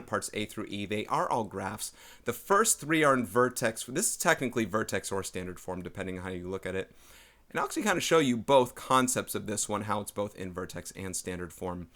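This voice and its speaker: A man's voice: on the low side, fairly bright tone. A man, a math teacher, explaining a lesson step by step to his students.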